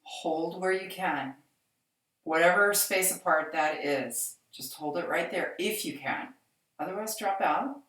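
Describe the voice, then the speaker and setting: A woman with a deep, low voice leads a seated exercise class, giving slow, gentle, reassuring cues. She sounds set back from the microphone, and the room adds a clear echo around her words. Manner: calm, reassuring, slow cueing. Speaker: fitness instructor. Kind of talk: guided chair exercise instruction. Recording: echoey room, mic at a distance.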